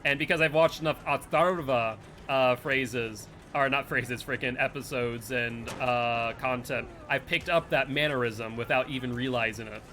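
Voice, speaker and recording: A man's voice: medium pitch, moderate pace, hardly any pauses, pushed and bright, slight background noise. A man with a Northeastern US accent, streaming a game live and rambling to chat between plays. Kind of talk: live gameplay commentary and chat.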